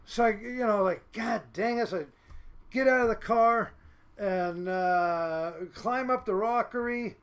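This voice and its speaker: A man from Seattle, a fishing boat captain, telling casual podcast stories in a lively way, full of fillers and laughs. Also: high-pitched, measured pace, clear, resonant tone. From Seattle, United States. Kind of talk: casual storytelling.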